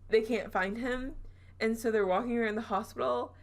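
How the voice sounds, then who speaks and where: A woman's voice: fairly high pitch, fairly even intonation, moderate pace. A young woman from the southern United States, hosting a podcast and retelling a ghost story in casual chat, giggling and correcting herself as she goes. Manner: chatty, giggly, trails off and self-corrects. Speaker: podcast host.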